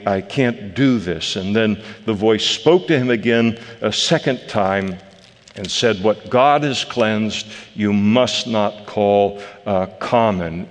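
A man preaching a conversational sermon to a congregation, with frequent filler pauses. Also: lowish voice. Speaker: pastor. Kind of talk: expository sermon. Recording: reverberant hall.

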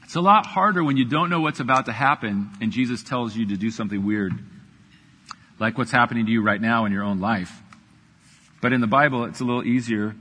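Joking pastor in an echoing church. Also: male voice, medium pitch, fairly quick, pushed and bright, husky. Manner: playful, jokey, acts out voices of people in the story. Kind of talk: sermon.

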